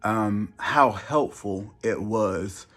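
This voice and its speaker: A man vlogging casually, stumbling and repeating words with many pauses. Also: lowish voice, fairly bright tone. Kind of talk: casual vlog talk.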